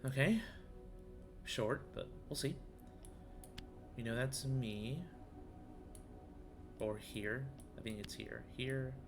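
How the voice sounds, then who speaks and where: A man's voice: medium pitch, slow pace, long pauses, music in the background. A man streaming a video game, musing aloud as he reads and translates in-game text and greets viewers in chat. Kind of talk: live gaming commentary.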